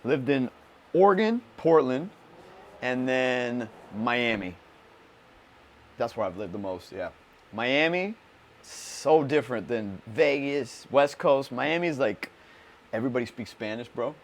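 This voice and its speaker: A man hosting a laid-back podcast chat, full of slang and swearing. He rambles through his stories in a relaxed, unpolished way. His voice sits at an ordinary middle pitch. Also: takes it slowly, long pauses, a little hiss or hum. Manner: loose, profane, slangy storytelling. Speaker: podcast host. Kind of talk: casual chat.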